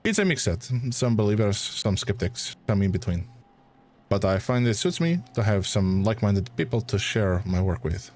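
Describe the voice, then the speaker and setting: A man's voice: fairly low pitch, very animated, darkish tone. A man voicing a suave, courteous French male academic who exposes fraud, with a put-on French accent. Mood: measured. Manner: measured, courteous, slightly haughty.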